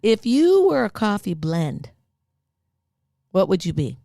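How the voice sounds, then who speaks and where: A woman podcast host whose pitch swoops and bounces as she talks. She is bubbly and eager, quick to tease her guest. Her voice sits close and dry in the recording. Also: very animated, creaky, warm tone, no echo. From Western Massachusetts. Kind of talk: casual interview chat.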